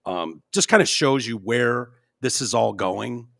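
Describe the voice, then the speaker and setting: A man hosting a podcast in casual chat, halting with fillers and frequent throat-clearing. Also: mid-range voice, a bit bright, dry recording, clean studio sound. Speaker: podcast host.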